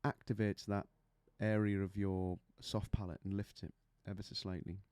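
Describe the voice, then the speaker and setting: A man's voice: sits low, little pitch movement, normal speed, a little mellow, clear, resonant tone, no room sound. A man teaching singing technique, chatty and explaining with demonstrations and little stories. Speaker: vocal coach. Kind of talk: singing lesson to camera.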